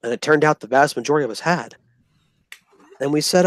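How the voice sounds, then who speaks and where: A man tells a long, profane story to the camera in a relaxed vlog style. His voice sits a bit high, and he leans into the people he quotes. The sound is dry and close, with no room around it. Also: fairly quick, no room sound. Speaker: storyteller recounting army basic training.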